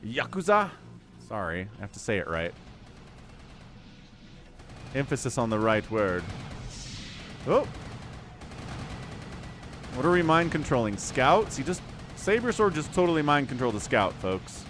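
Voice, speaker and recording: A man's voice: mid-range voice, big pitch swings, a little slow, long pauses, fairly bright tone, soft background music. A man casting a strategy game on a live stream, chatty, laughing often and greeting viewers. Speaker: game caster.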